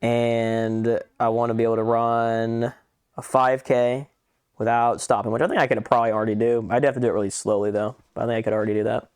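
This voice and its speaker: A man's voice: medium pitch, little pitch movement, a little fast, darkish tone, clear, resonant tone, dry recording, studio quality. A man co-hosting a casual podcast, ranting animatedly and swearing freely. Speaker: podcast co-host.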